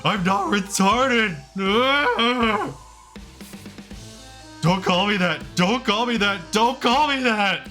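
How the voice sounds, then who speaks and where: A man's voice: high voice, expressive, drawn-out words, hardly any pauses, sharp tone, faint music behind, pitched above the performer's own voice, heavily acted. A man voicing a hulking, childlike man who wails and repeats himself in a tantrum, for a visual novel. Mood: wailing.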